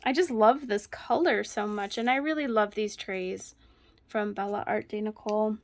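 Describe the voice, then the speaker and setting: A woman's voice: mid-range voice, fairly even intonation, normal speed. A woman vlogger chatting casually while she crafts at home, telling a story with frequent laughs. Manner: chatty storyteller, laughs often mid-sentence.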